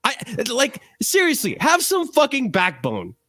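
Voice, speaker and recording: A man with a high voice that jumps all over its range, venting in a crude, heated rant on a casual livestream. The sound is close and dry, with no room in it. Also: a little slow, no room sound. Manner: profane, animated ranting. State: cranky from lack of sleep. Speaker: livestream co-host. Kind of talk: ranting fan livestream chat.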